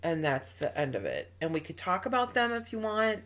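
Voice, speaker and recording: A woman's voice: fairly low pitch, big pitch swings, brisk, fairly bright tone. A woman co-hosting an advice podcast in casual chat, talking emphatically with trailing restarts and acted-out quotes. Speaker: podcast co-host.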